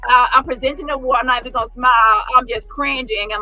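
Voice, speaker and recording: High bright sassy woman commentator. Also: fairly even intonation, quick pace, no room sound, faint music behind, rough recording. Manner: sassy, profane, mocking impressions. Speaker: commentary vlogger. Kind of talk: casual commentary on photos.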